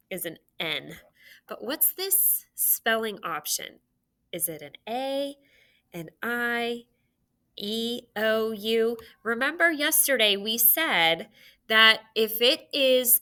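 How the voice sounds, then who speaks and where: Woman teacher, unhurried and clear, bright tone, recorded phonics lesson for kids. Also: medium pitch. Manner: slow, clear teacher talk with drawn-out sounds.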